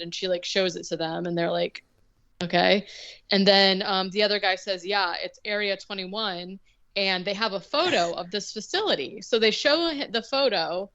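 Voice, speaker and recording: A woman's voice: mid-range voice, moderate pace, a bit bright, highs cut off. A woman co-hosting a podcast, loosely recapping a movie plot with lots of filler words and restarts. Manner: rambling summary full of filler words. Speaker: podcast co-host.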